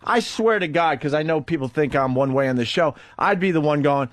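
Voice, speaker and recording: A man's voice: fairly high pitch, a little fast, dry recording. A man hosting a radio talk show in a studio, telling a rambling, profane story into a studio microphone.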